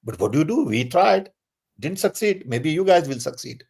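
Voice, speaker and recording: An older man, speaking as a guest in a conversational Q&A. He talks emphatically and insistently, stressing points with sudden jumps in pitch. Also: sing-song, moderate pace, vocal fry, a little mellow, breathy edge.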